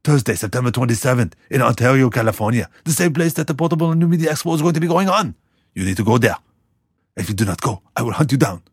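A man putting on a commanding governor with a heavy put-on Austrian accent. He barks orders in short, broken phrases with comic menace. The voice is husky and sits dry and close. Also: mid-range voice, expressive, fast, dry recording. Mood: bossy. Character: bossy male movie-star governor with heavy accent. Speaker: promo voice. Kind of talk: comic promo impression.

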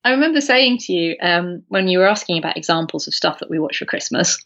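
A woman's voice: fairly low pitch, fast talker, muffled recording. A woman co-hosting a podcast, chatting casually and telling stories with lots of ums and restarts. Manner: animated storyteller, many ums and restarts. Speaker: podcast co-host. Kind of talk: casual chat.

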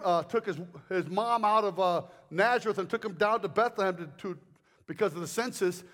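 Older male evangelist, high-pitched, lively, jokey sermon delivery. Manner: animated, joking, acts out crowd voices. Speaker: guest preacher.

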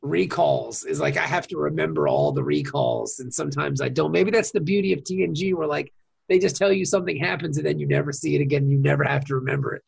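A man hosting a podcast in casual chat, playful and quick to laugh. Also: a little high, gravelly, breathy edge. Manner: laughs often, animated, playful. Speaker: podcast host.

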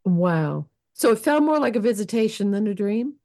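A woman's voice: mid-range voice, very animated, moderate pace, darkish tone, no room sound, studio quality. A woman co-hosting a spiritual podcast, responding to her partner in an affirming, conversational way. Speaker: podcast co-host. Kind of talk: casual chat.

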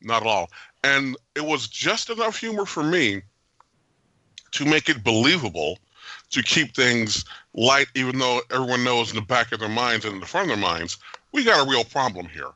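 Man, podcast host, dry close sound, animated, opinionated, casual film review. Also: mid-range voice, moderate pace, no room sound. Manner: animated, jokey, opinionated, laughs often. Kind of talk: casual movie review chat.

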